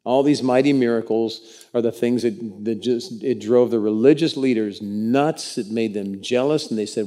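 A man's voice: mid-range voice, normal speed. A man preaching a sermon in church, telling stories in a folksy, conversational way with many restarts. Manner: animated storytelling with repeated restarts. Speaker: pastor.

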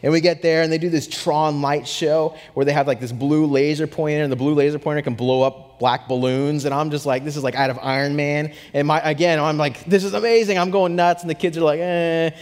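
A young adult man preaching a sermon, telling a story with animated swings from hushed to excited. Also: on the high side, brisk, hardly any pauses. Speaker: pastor. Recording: long hall reverb.

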